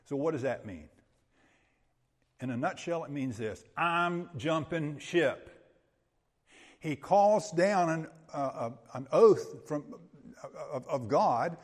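A man's voice: on the high side, lively intonation, takes it slowly, long pauses. A male pastor preaching an expository sermon in an emphatic, conversational way, often checking in with his listeners. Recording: long hall reverb.

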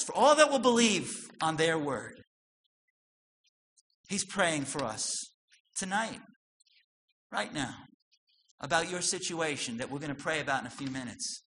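A man preaching a sermon, swinging from loud emphatic lines to soft, low asides. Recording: long hall reverb with faint noise.

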